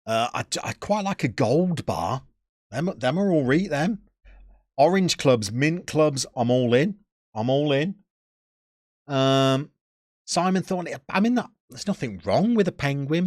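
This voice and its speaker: A man's voice: mid-range voice, no echo, clean studio sound. A man, chatting casually as a streamer and answering his live chat with joking, opinionated banter.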